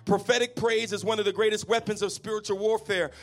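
A man's voice: high-pitched, steady tone, fast. A man preaching a charismatic sermon, chanting lines and calling on the congregation to repeat after him. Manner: fiery, chanting, repeats calls to the crowd.

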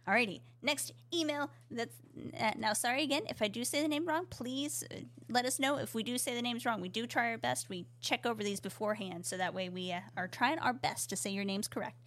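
A woman's voice: on the high side, brisk, hardly any pauses, a bit bright. A woman co-hosting a casual podcast, reading listener emails aloud in a giggly, rambling way and stumbling over her words. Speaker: podcast co-host.

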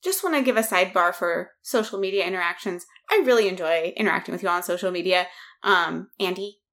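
A woman's voice: lowish voice, lively intonation, fast, a bit bright. A woman co-hosting a podcast in casual chat, chatty and hedging as she talks. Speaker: podcast co-host.

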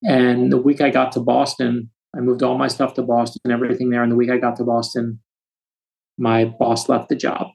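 A man in his fifties from the United States, an author telling stories with quick asides as a podcast guest. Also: mid-range voice, completely flat delivery, vocal fry, a little mellow, poor audio. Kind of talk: storytelling interview.

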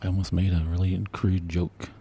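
A man's voice: low-pitched, flat delivery, moderate pace, warm tone, a little hiss or hum. A man co-hosting a podcast, bantering playfully in casual chat. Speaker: podcast co-host.

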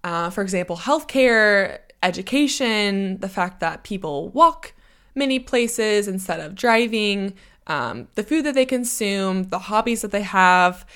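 A woman's voice: medium pitch, a bit bright, smooth. Chatty young American woman rambling. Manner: chatty, rambling with side notes. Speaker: podcast host. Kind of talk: casual solo monologue.

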